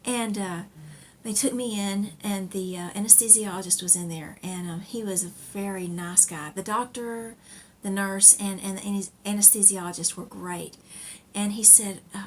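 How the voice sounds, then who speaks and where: A middle-aged woman tells a personal story in a loose, rambling way, full of fillers, restarts and small laughs. Her voice sits at an ordinary pitch for a woman. A faint background hiss runs under the home recording. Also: fairly even intonation, moderate pace. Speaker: knitting podcast host.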